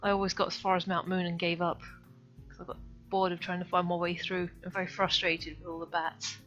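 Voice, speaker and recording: A woman's voice: on the low side, flat delivery, fairly quick, fairly bright tone. A woman streaming herself reading a visual novel aloud, adding wry asides. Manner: wry asides between dialogue. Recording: dull lo-fi stream audio, faint music.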